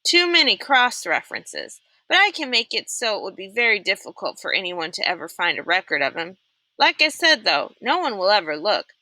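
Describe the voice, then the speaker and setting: A woman's voice: mid-range voice, normal speed, dry recording, poor audio. A woman reading as a dismissive male counselor. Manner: flat, contemptuous remarks. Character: dismissive male camp counselor, badly beaten. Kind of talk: read-aloud character voice.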